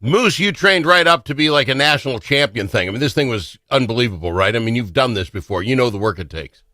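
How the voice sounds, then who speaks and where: Lively chatty guy hosting radio, voice jumps all over, bright, dry booth. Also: medium pitch, fast talker, no room sound. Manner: chatty, laughs easily, animated. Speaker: radio host. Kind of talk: casual radio interview chat.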